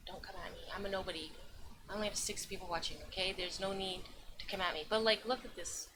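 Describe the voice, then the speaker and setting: A woman's voice: medium pitch, fast. A woman from Toronto, chatting casually and defensively on a live stream with rambling asides. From Toronto, Canada. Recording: noisy home stream mic.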